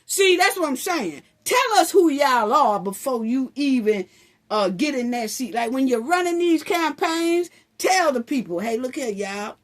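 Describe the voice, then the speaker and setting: A woman talking back at meeting clips in a sassy, emphatic way. Her voice sits high and swoops all over the place. She fires off rhetorical questions. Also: lively intonation, unhurried. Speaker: commentary host. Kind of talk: animated commentary on meeting clips.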